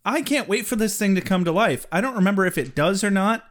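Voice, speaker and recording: A man's voice: high-pitched, fast. A man co-hosting a podcast, recapping a TV episode in casual, joking chat full of swearing. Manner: profane, joking, animated. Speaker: podcast co-host.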